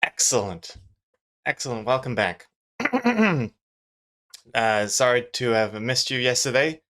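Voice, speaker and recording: A man's voice: mid-range voice, big pitch swings, slow, a bit bright. A man chatting loosely on a live stream as he works on his comic, rambling and joking with many fillers. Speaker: webcomic artist streaming his drawing. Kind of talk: casual live-stream chat.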